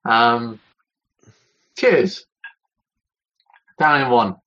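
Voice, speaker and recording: A man's voice: medium pitch, animated, extremely slow, pushed and bright. A man playing his character in a tabletop game, jaunty and theatrical. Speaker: player. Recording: dull lo-fi recording.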